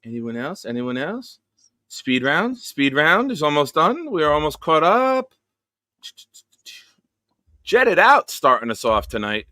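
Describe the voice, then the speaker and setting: Male stream host, bright tone, dry close mic, playful roll-call delivery. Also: on the high side, very animated, measured pace, pauses often, no echo. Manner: jokey, upbeat roll call of viewers. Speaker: show host. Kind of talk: casual live-stream chat.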